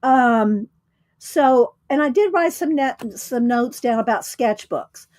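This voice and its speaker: Woman, fairly high voice, chatty livestream host, laughs a lot, dry close sound. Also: expressive, slow pace, a little mellow, no room sound. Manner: chatty, greets viewers, laughs often. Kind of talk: casual livestream chat.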